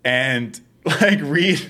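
A young man with a fairly high voice that swings up and down a lot as he spins a story. He co-hosts a casual podcast, swears freely and often breaks into laughter mid-sentence. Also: very slow. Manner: animated storyteller, laughs through his words, swears freely. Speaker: podcast co-host. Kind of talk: casual chat.

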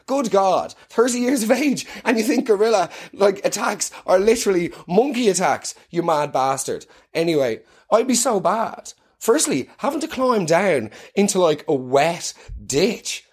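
Irish comic in his thirties, lively ranting monologue, pitched a little high. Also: slightly rough. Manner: animated, swearing, self-mocking rants. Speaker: comedian.

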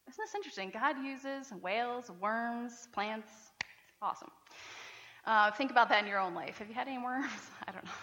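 A woman pastor preaches with a bright, forceful voice pitched a little high, her chatty asides and laughs carried on a long reverberant tail. The sound is that of a big church hall with the voice ringing around the room. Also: muffled recording. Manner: animated, laughing often, conversational. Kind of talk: sermon.

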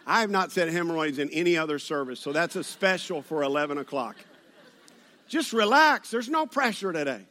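A pastor with a drawl delivers a sermon in a high, light voice. He talks to his congregation conversationally and teases them with jokes. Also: animated, brisk, pushed and bright. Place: church service.

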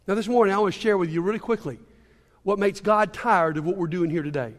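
A male pastor with a strikingly high voice preaches to his congregation in a conversational way, dropping joking asides between readings. His words ring out with a long reverb from the church auditorium around him. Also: fast talker. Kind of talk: sermon.

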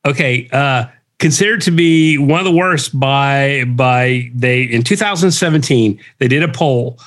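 A man co-hosting a casual podcast chat, telling stories in an animated, quick way. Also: medium pitch. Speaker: podcast co-host.

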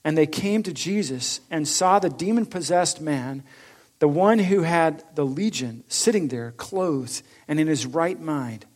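A man preaching a sermon, reading scripture aloud with rising force and then explaining it in a lower, conversational tone. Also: expressive, unhurried. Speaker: pastor.

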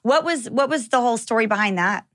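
A woman's voice: on the high side, expressive, quick pace, a bit bright. Giggly teasing woman podcast host. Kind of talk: casual interview chat.

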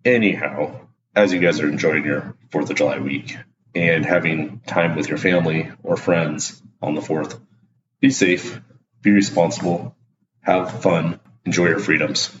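Excitable rambling deep-voiced man. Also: measured pace, reverberant, highs cut off, a little hiss or hum. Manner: excitable, rambling, self-deprecating. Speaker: podcast host. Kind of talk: casual solo podcast talk.

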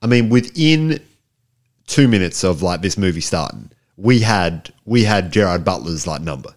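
A man with a very low voice co-hosting a casual podcast. He rambles loosely, full of filler words. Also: animated, moderate pace. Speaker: podcast co-host. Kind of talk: casual movie review chat.

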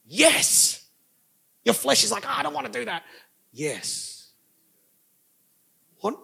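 A man's voice: sits high, creaky. A man, preaching a sermon as pastor with emphatic bursts and joking asides to the congregation.

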